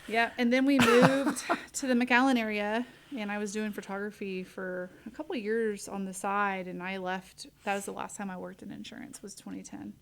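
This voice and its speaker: A woman's voice: mid-range voice, little pitch movement, moderate pace, gravelly. A woman hosting a community radio talk show in a studio, chatting casually, rambling and correcting herself as she goes.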